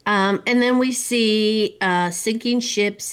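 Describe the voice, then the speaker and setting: A woman's voice: mid-range voice, expressive, unhurried, hardly any pauses. A woman host casually retelling a film plot, rambling with many ums and asides. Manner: rambling storyteller with many fillers. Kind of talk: casual movie recap.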